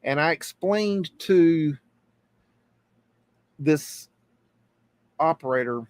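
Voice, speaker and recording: Halting, earnest middle-aged man. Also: a little high, lively intonation, no echo. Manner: halting, earnest, restarts and repeats words; tells the story while pointing at a map on screen. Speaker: host. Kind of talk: live-stream storytelling.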